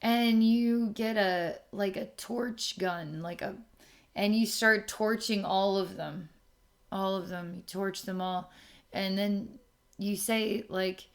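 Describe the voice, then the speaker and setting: A woman giving a channeled spiritual reading to someone, speaking softly and often checking in with "okay?". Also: medium pitch, steady tone. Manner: slow, soft, repeats okay to check in. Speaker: spiritual intuitive reader.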